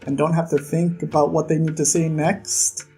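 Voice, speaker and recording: A vlog host giving a casual, animated recap of a novel section, with opinionated, irritated asides. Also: medium pitch, moderate pace, breathy edge, faint music behind. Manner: animated, chatty retelling of scenes.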